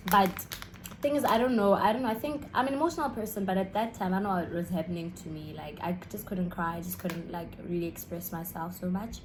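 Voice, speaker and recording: A woman's voice: on the low side, fast talker, background noise. A South African woman in her twenties telling a story in a casual vlog, chatting in a rambling way while she eats snacks. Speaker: YouTuber.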